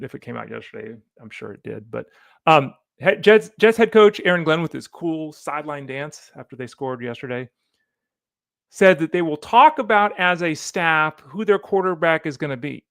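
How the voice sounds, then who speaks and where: A man hosting a solo fantasy football podcast, animated and opinionated, talking straight to the listener. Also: on the high side, fairly quick, vocal fry, no echo, clean studio sound. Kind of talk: solo sports podcast commentary.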